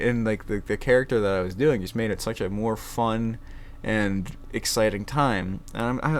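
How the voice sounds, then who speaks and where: A young male vlogger chats casually in his room, rambling, restarting often and swearing along the way. His voice is lowish, with slight background noise.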